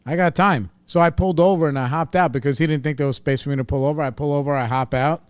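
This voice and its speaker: A man tells his story in a blunt, streetwise way, swearing freely. His voice is smooth and clear. It is recorded dry and close, with no room sound. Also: a little high, fairly even intonation, fast, no room sound. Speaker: podcast host. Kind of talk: casual storytelling monologue.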